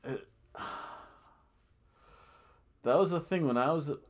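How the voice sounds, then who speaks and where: A man talks through a wrestling show in a loose, rambling podcast chat. He gets animated and jokey, laughing at his own asides and booing in mock outrage. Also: a little high, takes it slowly. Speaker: podcast host. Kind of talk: casual wrestling review chat.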